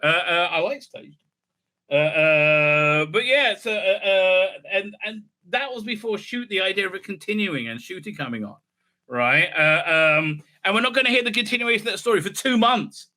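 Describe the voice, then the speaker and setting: A man's voice: high voice, lively intonation, moderate pace, sharp tone. A man giving rambling, sarcastic solo commentary, full of fillers and restarts. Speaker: video commentator.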